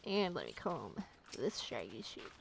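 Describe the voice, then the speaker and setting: A woman's voice: very deep voice, huge pitch swings, a little slow, vocal fry, slight background noise. A woman hosting a casual let's play, joking and laughing at the game's dialogue. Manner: giggly, jokey, reacts to game dialogue. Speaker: gaming channel host.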